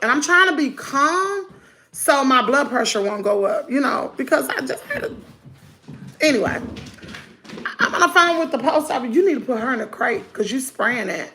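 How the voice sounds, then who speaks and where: A middle-aged woman, telling her viewers a story in a lively storytime chat. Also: high voice, moderate pace, a little hiss or hum. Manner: animated, talks to viewers as y'all. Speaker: vlogger.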